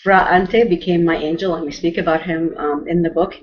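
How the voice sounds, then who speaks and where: Earnest storytelling woman, low voice. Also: steady tone, a little fast. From Canada. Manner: earnest, emotional, with frequent restarts. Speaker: host and storyteller. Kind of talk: heartfelt personal storytelling. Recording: dull lo-fi audio.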